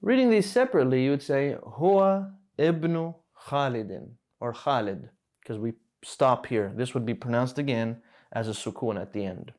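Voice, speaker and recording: A man teaching an Arabic lesson, explaining patiently, slowing down and repeating words as he goes. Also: mid-range voice, lively intonation, darkish tone. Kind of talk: classroom lesson at a whiteboard.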